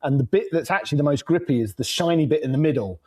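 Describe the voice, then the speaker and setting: Rambling man, slightly high voice. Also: lively intonation, quick pace, darkish tone, husky, rough recording. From England. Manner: rambling, laughs often, swears freely. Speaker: podcast guest, motorcycle traveler. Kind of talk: casual storytelling.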